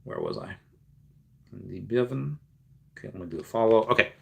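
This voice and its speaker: A man's voice: lowish voice, huge pitch swings, moderate pace, creaky, darkish tone, a little hiss or hum. A man streaming live and chatting casually, reading viewer messages aloud and replying in a rambling way full of fillers and restarts. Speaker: streamer answering live chat. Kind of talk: casual livestream chat.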